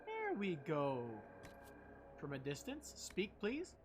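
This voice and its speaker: Lively, profane, joking game streamer. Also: medium pitch, slow pace, noisy background. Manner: joking, profane, self-deprecating. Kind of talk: casual gameplay commentary.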